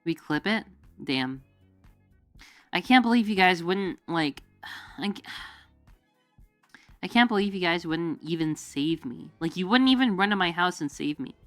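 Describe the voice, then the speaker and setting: A woman's voice: on the low side, animated, a little slow, pauses often, dry recording. A woman streamer chatting casually with her viewers, rambling with lots of fillers, giggling, and jumping into goofy quoted voices. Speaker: VTuber streamer. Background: faint background music.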